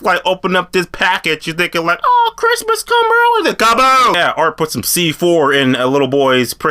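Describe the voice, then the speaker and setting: A man excitedly retelling horror movie kills in a casual discussion, graphic and profane. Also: mid-range voice.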